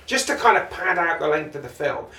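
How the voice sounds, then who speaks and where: A man's voice: fairly high pitch, lively intonation, brisk, bright, forceful tone, reverberant, far from the mic. Amused man talking from off-mic. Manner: rambling, amused, with many restarts. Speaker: podcast co-host. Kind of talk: casual film review chat.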